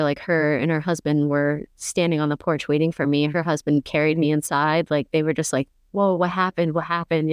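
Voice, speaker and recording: A woman guest recounts a personal story in an urgent, fast-moving way, acting out what was said along the way. Her voice sits on the lower side and sounds smooth and clear. The sound is dry, with no room around it. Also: dry recording. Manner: fast, urgent retelling, quoting herself and others vividly. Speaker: podcast guest. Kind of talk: emotional personal story in conversation.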